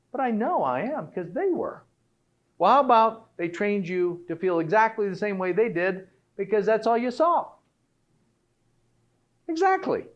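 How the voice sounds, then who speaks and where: Man giving a health talk, lo-fi. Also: high voice. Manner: conversational, asks rhetorical questions often. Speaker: health speaker. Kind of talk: health talk to a live audience.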